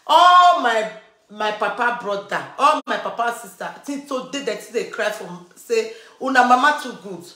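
A woman with a Nigerian Pidgin accent tells a personal family story in a fairly high, bright, forceful voice, animated and at normal speed. Her retelling is emphatic, with repeated lines, and the recording has room echo.

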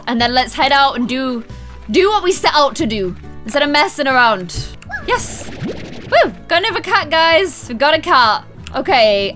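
A woman hosting a let's play video, chatting excitedly to viewers and gasping and squealing at the game. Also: high-pitched. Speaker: gaming video host.

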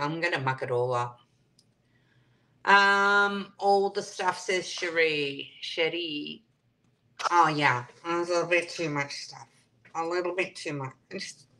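A woman's voice: lowish voice, creaky, sharp tone, a little hiss or hum. A woman hosting a live stream, chatting casually and reading out viewer comments and answering them. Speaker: livestream host.

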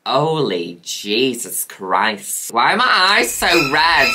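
A woman's voice: extremely low pitch, very animated, slow, very noisy. A woman, a drag queen host, chatting in a camp, theatrical, self-mocking way as she reacts to an old video. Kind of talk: casual reaction commentary.

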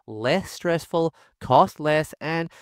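A man's voice: fairly high pitch, takes it slowly, clean tone, no echo, clean studio sound. Upbeat man forever saying "guys". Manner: enthusiastic, says "guys" constantly. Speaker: tech reviewer. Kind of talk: screen-recorded product walkthrough.

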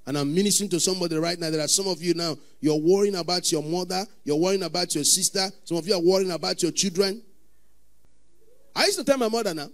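A man with a Nigerian accent preaching a sermon as pastor, often breaking into sudden shouts. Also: on the high side, a little fast.

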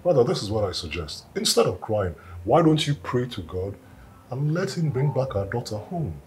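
An actor with a Nigerian accent playing a devout husband consoling his wife, speaking in a gentle, pleading, reassuring way. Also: medium pitch, very animated, moderate pace, slight background noise, close to an everyday voice. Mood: coaxing. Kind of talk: film drama acting.

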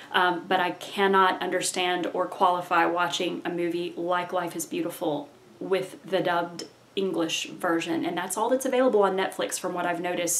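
Woman film vlogger, slightly low voice, earnest and enthusiastic, casual delivery with ums and restarts. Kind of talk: casual film recommendations to camera.

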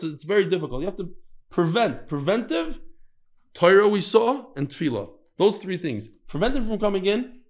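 Leading his daily Talmud class in a high-pitched voice, this man tells stories, animating the quotes and using Hebrew and Yiddish words.

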